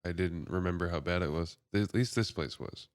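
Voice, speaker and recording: A man co-hosting a podcast in a relaxed casual chat, laughing often. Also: low-pitched, normal speed, no room sound, studio quality. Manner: laid-back, laughs often. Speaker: podcast co-host.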